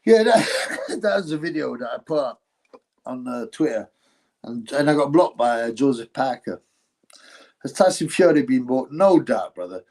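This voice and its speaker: This male host runs a casual livestream, reading viewer comments and answering them in a rambling, blunt, profane way while calling people bro. His medium-pitched voice is sing-song and dark in tone, moving at normal speed with long pauses.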